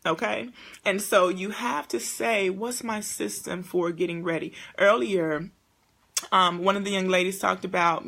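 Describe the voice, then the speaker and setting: A young woman hosting a casual live-stream talk, animated and speaking straight to her viewers. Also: on the low side, gravelly. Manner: animated, talks to viewers as "y'all" and "honey". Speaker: host.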